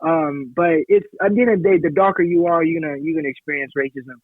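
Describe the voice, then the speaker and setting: A man's voice: a little high, quick pace, dry recording. Man on a tinny line. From Haiti. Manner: self-assured, explains at length. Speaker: podcast co-host. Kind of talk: casual podcast chat. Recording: tinny phone-like sound.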